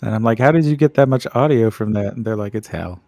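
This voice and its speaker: A man's voice: lowish voice, fast talker, dark tone, dry recording. A man streaming a game with a friend, teasing him dryly and laughing often as they banter. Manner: laughs a lot, dry teasing. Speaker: streamer and co-host. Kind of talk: casual, profane gaming banter.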